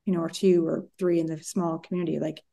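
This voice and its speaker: A woman's voice: sits low, flat delivery, quick pace, vocal fry, dark tone. A woman therapist co-hosting a podcast, giving direct advice in casual chat.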